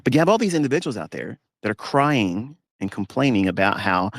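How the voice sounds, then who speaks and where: A man's voice: fairly low pitch, big pitch swings, brisk, few pauses, no echo, clean studio sound. A man working as a trading mentor, talking casually to his viewers from his parked pickup truck in an emphatic, scornful rant with mocking asides.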